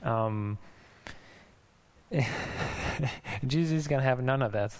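A man preaching a sermon in a conversational, musing way, restarting thoughts and now and then laughing softly. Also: mid-range voice, slow pace, clean tone. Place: church in Denmark.

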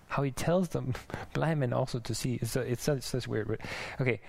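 Gravelly-voiced man preaching casually. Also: medium pitch, normal speed, hardly any pauses, darkish tone. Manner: conversational, musing, with restarts and small laughs. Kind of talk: sermon. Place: church in Denmark.

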